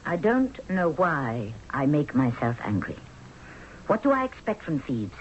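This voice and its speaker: A proud, idealistic queen with a haughty, regal manner. Her delivery is lively, with plenty of pitch movement. The sound is dull and lo-fi, from a vintage radio broadcast. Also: unhurried, a little hiss or hum. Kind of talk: 1970s radio drama acting.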